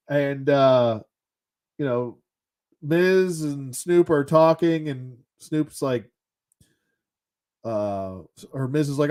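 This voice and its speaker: A man's voice: mid-range voice, slow pace, long pauses, darkish tone. A man ranting casually as a show host, sarcastic and exasperated, swearing as he goes.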